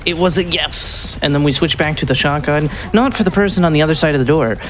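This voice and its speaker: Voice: medium pitch, fast, slight background noise. A speedrunner giving casual live commentary on their own run, rambling a little with frequent ums and restarts.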